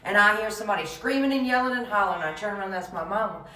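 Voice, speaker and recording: A woman's voice: medium pitch, racing, pushed and bright. A middle-aged woman, telling a story from her youth in a folksy, emphatic way. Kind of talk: casual storytelling to camera. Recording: roomy, voice from a distance.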